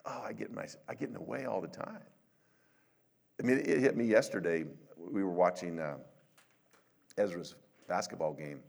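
A man's voice: low voice, moderate pace, vocal fry, pauses often, darkish tone. An older man, a pastor of many years, giving a conversational sermon, telling stories with self-deprecating humor and acting out quotes.

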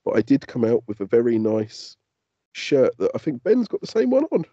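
A man's voice: mid-range voice, moderate pace, lo-fi sound. A man, co-hosting a podcast in casual chat and telling stories with lots of swearing. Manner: sweary, animated storytelling. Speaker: podcast co-host.

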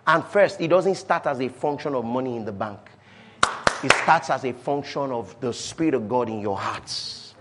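Reading scripture at a slow pace, this preacher speaks with a medium-pitched, animated voice. He circles back to key phrases and jumps between hushed asides and shouted proclamations.

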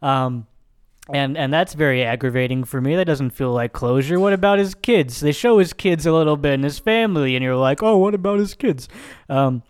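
A man's voice: medium pitch, fairly quick, clean tone. A man casually talking over a film's ending, rambling with many fillers and swearing. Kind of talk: casual film discussion.

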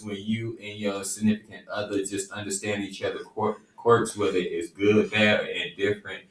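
A man's voice: fairly low pitch, distant mic. A man co-hosting a podcast in casual chat, who keeps giggling through his lines. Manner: giggly, apologetic laughter. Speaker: podcast co-host. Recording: roomy, off-mic.

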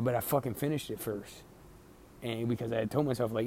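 A man's voice: mid-range voice, steady tone, quick pace, warm tone, a little hiss or hum. A young man giving a casual motivational rant to camera. He talks in a rambling, emphatic way, swears constantly and repeats himself. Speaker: vlogger.

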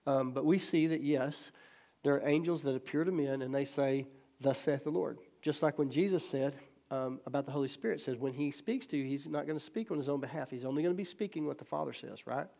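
With a somewhat high voice, a bit of vocal fry, and a slightly fast pace, a male pastor runs a Bible study. He narrates stories with acted-out quotes and laughs a lot.

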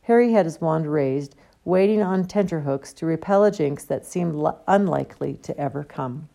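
A woman reading a novel aloud as an audiobook, with steady storytelling delivery. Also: sits low, moderate pace, gravelly. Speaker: audiobook reader. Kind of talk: audiobook narration.

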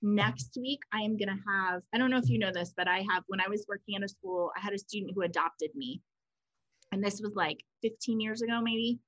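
A woman's voice: mid-range voice, a little fast, no echo, poor audio. A woman co-hosting a conversational show, explaining ideas in a chatty, storytelling way. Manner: chatty, animated storytelling with quoted voices. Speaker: podcast co-host.

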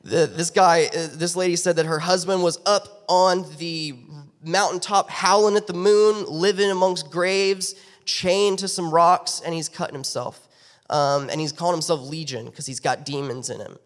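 A male youth pastor preaching, retelling a Bible story in an animated way with character voices. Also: fairly high pitch, moderate pace. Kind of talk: sermon storytelling. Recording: long reverb of a church hall.

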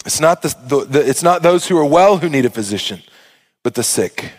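High-voiced man preaching a story. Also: expressive, brisk. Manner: conversational storytelling with restarts, drops soft and low. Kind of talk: sermon retelling a Bible story.

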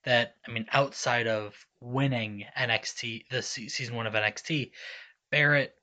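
Bright-voiced man in casual chat. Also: medium pitch, fairly even intonation, moderate pace. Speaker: podcast co-host.

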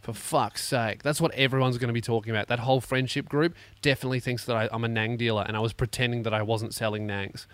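A man's voice: medium pitch, steady tone, quick pace, few pauses, a bit bright, no echo. An Australian man hosting a comedy podcast, ranting sarcastically with lots of swearing while in pain from a neck injury. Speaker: podcast host.

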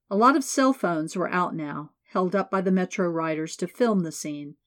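A woman narrating an audiobook in a measured, steady reading. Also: fairly low pitch.

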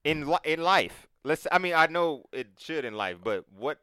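Male talker, bright crisp voice, dry close sound, animated and profane, acts out quotes. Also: fairly high pitch, moderate pace, no echo. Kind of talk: casual chat.

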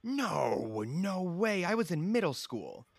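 A man's voice: high voice, very animated, slow pace, creaky, husky, no echo. A young man chatting casually with his older brother, playful and self-mocking, often breaking into giggles. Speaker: podcast co-host, younger brother. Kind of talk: casual chat.

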